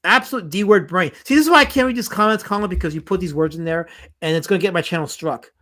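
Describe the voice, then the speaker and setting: Speaking quickly in a high register, this Southern-accented man runs a casual comics stream. He's animated and joking, echoing himself as he reads the chat aloud.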